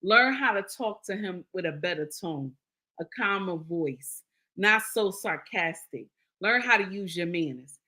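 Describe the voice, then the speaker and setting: Her voice sits on the low side, pushed and bright, with lively intonation and a measured pace. As a live-stream host going through viewer comments, she gives casual marriage advice, repeating herself, asking "okay?" and calling listeners "baby."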